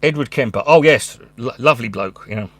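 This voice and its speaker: A man's voice: mid-range voice, brisk, fairly bright tone. Sweary man rambling casually. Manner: rambling, sweary, with abrupt stop-start phrasing. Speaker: stand-up comedian and channel host. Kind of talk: casual monologue. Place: his room at home.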